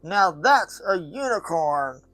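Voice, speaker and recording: A man's voice: high-pitched, animated, slow pace, fairly bright tone, no room sound, soft background music, pitched above the performer's own voice, full character voice. A man voicing a cheeky little gecko in a storybook reading, blunt and matter-of-fact. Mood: excited.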